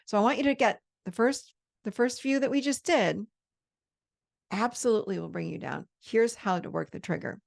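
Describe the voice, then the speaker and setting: A woman in her fifties giving a conversational coaching talk on handling triggers, slowing down to model calm self-talk. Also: on the high side, gravelly. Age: 50s. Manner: conversational, with quoted inner dialogue. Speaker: host.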